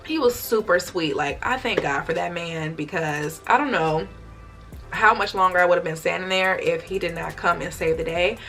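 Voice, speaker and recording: A woman's voice: on the low side, normal speed, faint music behind. Chatty young woman telling a storytime. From United States. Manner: chatty, expressive retelling with acted-out quotes. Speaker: vlogger. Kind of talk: storytime vlog.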